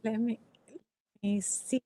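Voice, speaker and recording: A woman with a high voice speaks slowly and hesitantly as she joins a livestream. The sound is dry and close, with no room echo. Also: fairly even intonation, warm tone. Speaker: guest joining a livestream.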